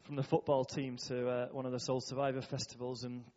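A man's voice: medium pitch, level tone, fairly quick, dark tone. A man and church youth worker telling funny stories in a chatty talk, laughing often between his words. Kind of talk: storytelling talk to a church audience. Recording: dull echoey hall.

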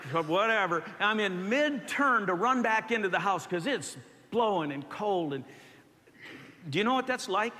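A man's voice: high voice, sharp tone. A middle-aged man, a pastor, telling a story in a conversational, self-mocking sermon style. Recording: echoey hall with faint ambience.

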